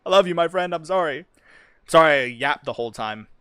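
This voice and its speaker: A man's voice: on the high side, animated, brisk, pushed and bright, clean tone, no echo, studio quality. A man streaming, talking casually and profanely about a fantasy world he is building, with lots of fillers and restarts. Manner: rambling, profane, many fillers.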